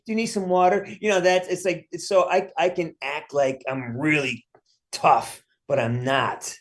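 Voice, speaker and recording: Middle-aged man swearing casually in interview. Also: medium pitch. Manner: rambling, frequent restarts, casual swearing. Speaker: actor interview guest.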